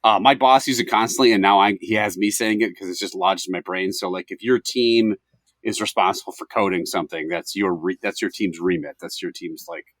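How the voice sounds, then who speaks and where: Low-voiced man in crude podcast banter. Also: steady tone, a little fast, a bit bright, no echo. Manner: crude, swears freely, laughs often. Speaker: podcast co-host. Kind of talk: casual podcast chat.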